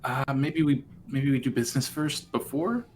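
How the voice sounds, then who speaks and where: A man playing a tabletop game, speaking hesitantly with halting restarts. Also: medium pitch, a little mellow. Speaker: player. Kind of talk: casual tabletop game chat.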